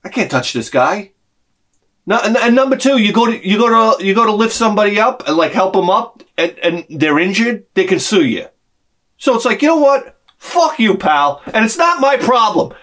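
A middle-aged man ranting to camera as a vlogger, profane and sarcastic, dropping to mutters and then shouting his outbursts. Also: sits high, very animated, moderate pace. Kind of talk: rambling comic rant to camera.

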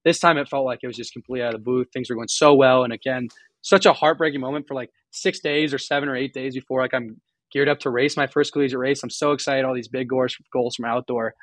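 A young man giving a candid podcast interview, rambling and halting with many restarts, earnest and openly emotional. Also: medium pitch, steady tone, fairly bright tone, no echo. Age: young adult. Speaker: guest college runner.

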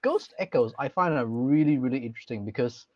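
A man's voice: mid-range voice, animated, a little fast, no room sound. A man co-hosting a casual podcast chat about ghost stories, thoughtful and hedging. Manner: thoughtful, hedging with many likes. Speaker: podcast co-host. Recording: dry, dull lo-fi sound.

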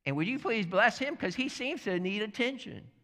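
A man's voice: sits high, very animated, normal speed, a bit bright, long reverb tail, voice pushed up, exaggerated voice. A man voicing a cheerful, unbothered older man who answers hostility with breezy friendliness. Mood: cheery.

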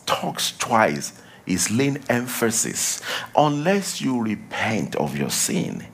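A male preacher delivering a sermon, emphatic, repeating key lines and dropping to a low hush for warnings.

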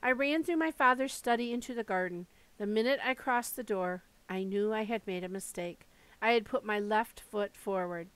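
A woman reading a first-person memoir aloud in a steady, measured way. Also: mid-range voice, clear, resonant tone, poor audio. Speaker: audiobook reader.

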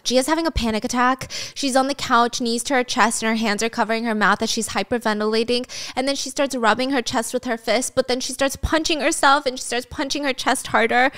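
Female storyteller, casual and sarcastic, a bit high-pitched, loose and animated. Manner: chatty, sarcastic asides, swears and laughs. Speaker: storyteller recapping a drama.

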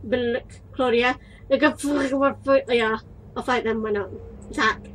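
A woman's voice: a little high, steady tone, takes it slowly, fairly bright tone, a little hiss or hum, rough recording. A young woman giving crude, cheeky let's-play commentary while playing a game, playfully exasperated at what is on screen. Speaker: gaming video creator.

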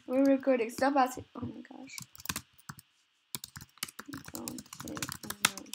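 A slow-paced woman with a slightly high voice chats casually through an online game. She giggles a lot and gets easily flustered. Faint keyboard and mouse clicks tick away behind her. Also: fairly even intonation, slight background noise. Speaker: gamer recording gameplay. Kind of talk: casual gaming chatter.

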